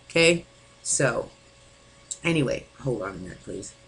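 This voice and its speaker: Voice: medium pitch, lively intonation, a little slow, long pauses, a bit bright, breathy edge, low-quality recording. A distraught vlogger venting angrily to camera, swearing often and rambling with many fillers. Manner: angry, frequent swearing. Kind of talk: venting personal monologue.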